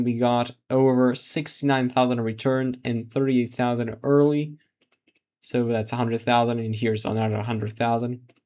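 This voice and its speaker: A man's voice: mid-range voice, darkish tone. Man live-streaming election results. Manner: thinks aloud, restarts sentences, laughs at surprises. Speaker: election livestream host.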